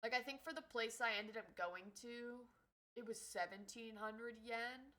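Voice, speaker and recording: A woman streamer telling a story in casual livestream chat, animated and swearing freely. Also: a little high, unhurried, low-quality recording.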